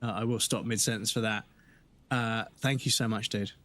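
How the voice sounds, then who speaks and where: A man streaming live, chatting casually and rambling, swearing freely, his throat slightly rough and dry. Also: fairly low pitch, steady tone, moderate pace, a bit bright.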